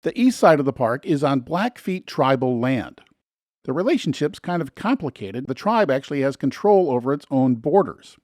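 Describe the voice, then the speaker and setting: A man's voice: mid-range voice, big pitch swings, moderate pace, a little mellow, no echo, clean studio sound. A man narrating a scripted travel guide in an earnest, advisory voice-over. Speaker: travel video host.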